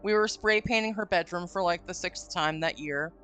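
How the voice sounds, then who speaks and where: A woman's voice: fairly low pitch, normal speed, a bit bright, smooth. A woman hosting a live stream, chatting casually and telling a long, rambling story with some swearing. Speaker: streamer host. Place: home stream room. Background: faint spooky music.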